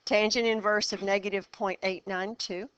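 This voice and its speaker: A woman teaching math speaks in a mid-range, slightly bright voice with fairly even intonation, over slight background noise. It's a classroom lesson where she quizzes the class briskly and encouragingly, walking through problems step by step.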